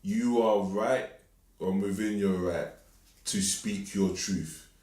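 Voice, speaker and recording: Low-voiced London man giving earnest advice. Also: takes it slowly, mellow. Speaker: podcast co-host. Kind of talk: casual chat. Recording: echoey room.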